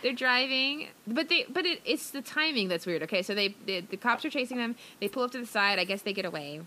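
A woman's voice: a little high, expressive, brisk, sharp tone, slight background noise. A woman co-hosting a podcast, recapping a movie plot in rambling casual chat with lots of fillers and giggles. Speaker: podcast co-host.

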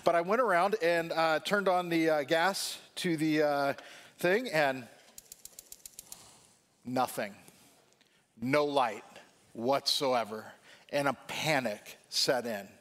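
A man preaching a sermon. He tells a comic personal story with animated delivery, acting out the dialogue, then slows and drops his voice for the serious points. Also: a little high. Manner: acts out quoted dialogue. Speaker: pastor.

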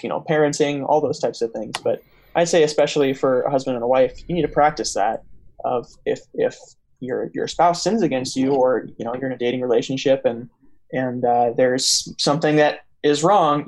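A man's voice: medium pitch, a little fast, a little mellow. A young man hosting a faith podcast in casual chat, telling a story with many fillers and restarts. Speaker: podcast host.

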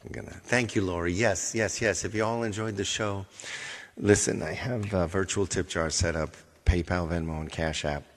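A man's voice: sits low, fairly even intonation, moderate pace, long reverb tail. Rambling man chatting with live viewers. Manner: rambling, thanks viewers by name, thinks aloud. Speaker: live-stream singer and host. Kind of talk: casual chat with live viewers.

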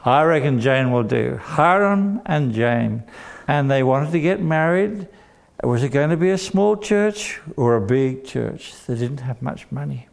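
Male storyteller for kids: slow, gravelly, playful. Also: mid-range voice. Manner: animated, playful, asks the children questions. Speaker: children's storyteller. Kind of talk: storytelling to children.

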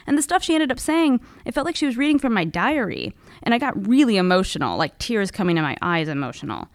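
A woman hosting a podcast tells a personal story in a wry, conversational way, dropping in casual fillers. Her medium-pitched voice is sing-song and she talks fast, captured with clean studio sound and no echo.

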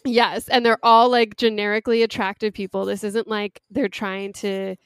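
A young woman chatting casually and animatedly, recapping a reality show with quick laughs. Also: mid-range voice, flat delivery, clear, resonant tone, no echo, studio quality.

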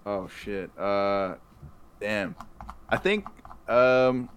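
Young male co-host, lower voice, easygoing and jokey. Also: extremely slow, slight background noise. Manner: loose, joking, laughs along. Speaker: podcast co-host. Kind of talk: casual chat.

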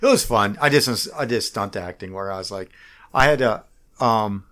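A middle-aged man talking about himself as a political candidate in a casual interview, halting and rambling with frequent restarts. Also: lowish voice, fairly bright tone.

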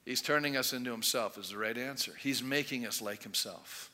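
A man preaching a sermon as pastor, animated and emphatic, rising loud and dropping soft for effect. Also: mid-range voice, brisk. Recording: long hall reverb.

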